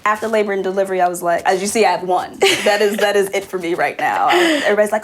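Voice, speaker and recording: A young woman guest chatting on a podcast, lively and expressive. She swings her voice up and down as she acts out other people's lines, at a middle pitch, in loose, easy storytelling. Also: rapid-fire. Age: young adult. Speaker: podcast guest, author and new mother. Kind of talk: casual storytelling in a podcast interview.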